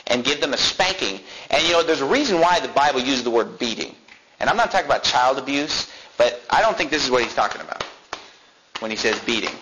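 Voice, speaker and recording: A male pastor preaching a sermon, reading verses slowly and then explaining them with emphasis. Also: mid-range voice, a bit bright, slight background noise, rough recording.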